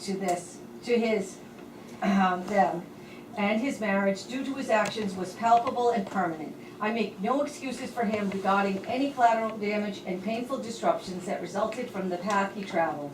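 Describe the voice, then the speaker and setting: A woman reading a written eulogy for a close friend at a memorial, measured and heartfelt. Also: mid-range voice, background noise. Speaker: speaker reading a tribute at a memorial. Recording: echoey hall from far off.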